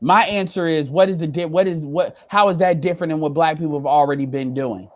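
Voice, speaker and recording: A man's voice: on the high side, brisk, no echo, low-quality recording. A man hosting a casual livestream, talking bluntly with lots of profanity and repeating his points. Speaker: livestream host.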